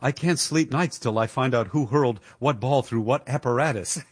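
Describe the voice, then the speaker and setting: A man voicing a snobbish grown son who mocks sports in a deadpan way. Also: medium pitch, normal speed, slight background noise, lightly acted. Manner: deadpan, dry.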